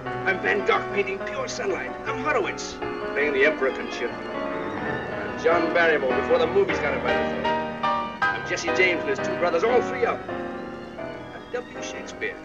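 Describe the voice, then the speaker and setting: A man's voice: medium pitch, natural voice. An actor playing a grandiose drunken male writer in a 1940s film drama, rhapsodic and self-mocking. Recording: dull distant film soundtrack under loud music.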